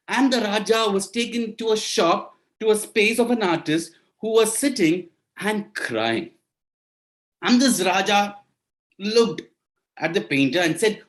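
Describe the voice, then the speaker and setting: A speaker telling a folk tale over a video call, playful and repetitive, talking straight to the listeners. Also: medium pitch. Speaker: storyteller. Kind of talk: storytelling to an online audience.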